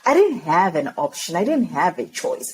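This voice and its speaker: A woman from Zimbabwe, a podcast guest telling her own story in conversation, lively and laughing often as she acts out dialogue. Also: lowish voice, moderate pace, slight background noise, rough recording.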